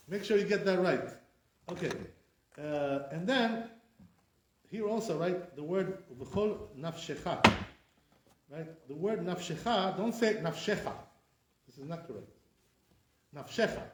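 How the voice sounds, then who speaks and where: Rabbi with an echoey, higher man's voice. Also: expressive, measured pace, slight background noise. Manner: corrective, repeats words to drill them, asks rhetorical questions. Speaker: rabbi teaching Hebrew pronunciation. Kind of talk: classroom lesson. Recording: echoey room sound.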